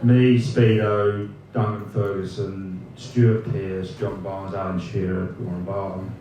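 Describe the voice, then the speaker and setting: A low-voiced man in his fifties tells old dressing-room stories at a live evening event, laughing through them and swearing freely. He trips over his own sentences as he goes. The sound is very roomy and echoing, with the mic some way off and a faint hum of ambience behind him. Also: little pitch movement, takes it slowly, far from the mic, dull audio. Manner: laughing often, swearing, rambling restarts. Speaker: former footballer guest. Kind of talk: live storytelling anecdotes.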